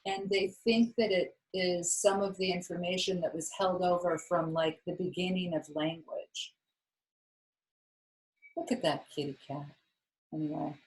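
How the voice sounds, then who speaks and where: A woman's voice: fairly low pitch, fairly even intonation, a little slow, rough recording. A woman yoga teacher talking her class through a practice in a chatty, rambling way with lots of fillers. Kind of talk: casual yoga class talk.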